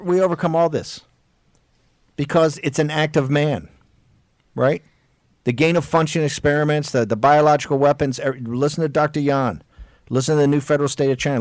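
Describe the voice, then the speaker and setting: A man hosting a political talk radio show, exhorting his listeners with emphatic, drawn-out stressed words and frequent restarts. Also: a little high, steady tone, no echo, studio quality.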